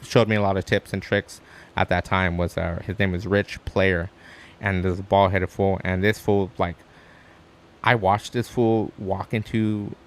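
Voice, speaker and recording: Low-voiced male podcast guest, loose and animated storyteller, swears a lot. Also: a little slow. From Arizona, USA. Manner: animated storyteller, acts out quotes with high pitch jumps, swears freely. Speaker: guest, stand-up comic. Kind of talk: casual podcast chat.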